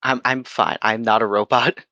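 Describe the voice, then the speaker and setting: Guy casting an esports match, chill and chatty, mid pitch, super dry sound. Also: fairly even intonation, moderate pace, bright, forceful tone, dry recording, muffled recording. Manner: easygoing, with a few stumbles and filler words. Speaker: esports caster. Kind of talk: live esports commentary.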